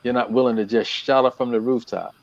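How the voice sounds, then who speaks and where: A man talking as a relationship coach on a talk show, animated and preacherly, repeating his points for emphasis. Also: medium pitch, brisk, vocal fry, dry recording. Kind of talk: casual talk-show chat. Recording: dull, lo-fi.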